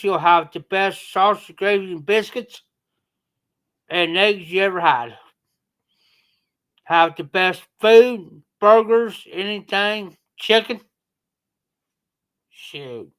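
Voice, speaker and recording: A man with a southern Ohio accent chatting casually on a livestream, slow and rambling in a folksy way. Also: high-pitched, fairly bright tone, smooth. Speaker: livestream host.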